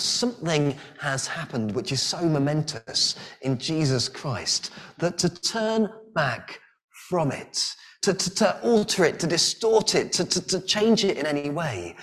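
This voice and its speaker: Male preacher, earnest and halting, somewhat higher voice. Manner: earnest, frequent repeated-word restarts. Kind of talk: sermon.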